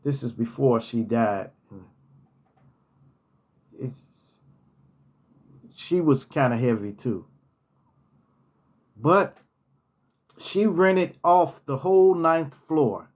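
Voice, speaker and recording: A man's voice: medium pitch, drawn-out words, pauses often, a little mellow. A man casually telling personal stories from his hotel job, repeating key phrases for emphasis. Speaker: storyteller, former hotel manager.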